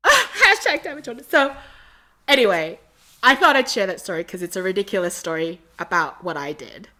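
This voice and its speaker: A woman guest on a podcast, telling a story in a casual, animated way and acting out the quotes. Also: lowish voice, brisk.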